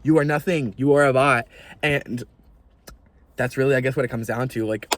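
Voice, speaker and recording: Young guy venting on camera, fired up and swearing a lot, mid pitch. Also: normal speed, no room sound. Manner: animated, profane, exasperated ranting. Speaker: video creator. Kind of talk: ranting vlog.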